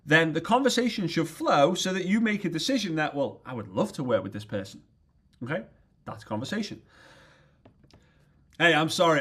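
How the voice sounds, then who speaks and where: Man giving a motivational talk. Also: mid-range voice. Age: 30s. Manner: lively storyteller, asks rhetorical questions. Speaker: business trainer.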